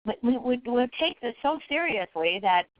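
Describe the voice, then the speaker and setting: A woman fundraising trainer giving a folksy, energetic webinar talk. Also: a little high, moderate pace, dry recording, dull audio. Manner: lively, folksy, with acted quotes. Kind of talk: webinar presentation.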